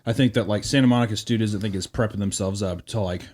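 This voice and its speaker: A man co-hosts a podcast in a fairly low, slightly mellow voice, talking fast. The chat is casual and rambling, full of fillers and restarts.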